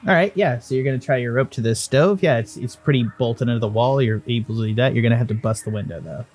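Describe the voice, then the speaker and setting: A man's voice: mid-range voice, quick pace, darkish tone. A man narrating as game master in a casual, rambling way, often correcting himself. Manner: rambling, self-correcting, laughing asides.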